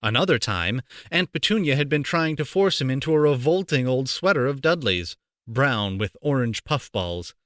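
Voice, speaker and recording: A man reading a storybook aloud for children, playful and animated, on a close home mic. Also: mid-range voice, normal speed, hardly any pauses, dry recording. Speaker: amateur voice actor reading aloud.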